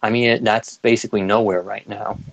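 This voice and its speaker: A man chatting casually on a podcast, relaxed and agreeable, often giving short replies. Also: lowish voice, fairly quick, vocal fry, no echo, poor audio.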